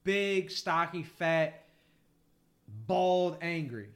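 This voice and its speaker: An animated man tells a long story on a casual podcast, his voice sitting a bit high. He swears freely and laughs through the telling. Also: drawn-out words. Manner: animated, profane storyteller, voice jumps high when excited. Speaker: podcast co-host.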